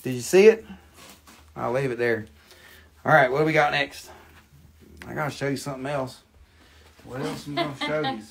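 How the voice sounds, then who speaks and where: An American man who grew up near Washington, D.C., hosts a live mineral sales stream, talking into a phone in a playful, jokey way and swearing casually. His husky, medium-pitched voice has vocal fry, normal speed, and frequent pauses.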